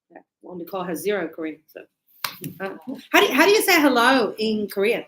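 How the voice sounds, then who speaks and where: A woman's voice: on the high side, lively intonation, a bit bright. Chatty woman teaching in an echoey room. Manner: chatty, playful, asks quick checks. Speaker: English teacher. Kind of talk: live classroom lesson. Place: classroom.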